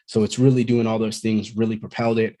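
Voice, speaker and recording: A man's voice: lowish voice, flat delivery, quick pace, mellow. Candid rambling man telling stories. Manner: candid, rambling, swears freely. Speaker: podcast guest, Marine veteran. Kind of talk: casual conversational storytelling.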